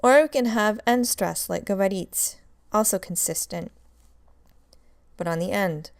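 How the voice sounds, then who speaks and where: A woman's voice: medium pitch, measured pace, vocal fry, dry recording. A woman teaching a recorded grammar lecture, explaining step by step and drilling examples. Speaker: Russian language teacher.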